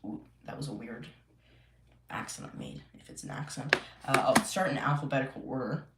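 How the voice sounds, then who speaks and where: A man's voice: mid-range voice, brisk. A man chatting casually on a live stream from home, rambling with many fillers and restarts. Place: home room. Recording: echoey room, faint noise.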